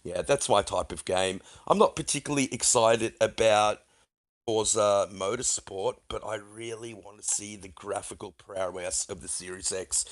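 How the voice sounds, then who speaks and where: A man's voice: on the low side, normal speed. A man in casual podcast chat, giving opinions and asking himself rhetorical questions.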